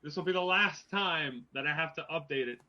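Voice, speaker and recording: A man's voice: a little high, a little fast. A man co-hosting a casual podcast, upbeat and playful. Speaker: podcast co-host, scorekeeper. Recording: dull lo-fi audio.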